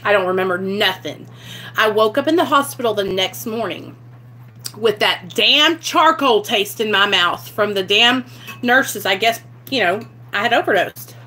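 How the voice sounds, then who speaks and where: A woman's voice: medium pitch, a little slow, sharp tone. A young woman telling a raw personal story to her camera, blunt and candid, swearing freely. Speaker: vlogger sharing her recovery story.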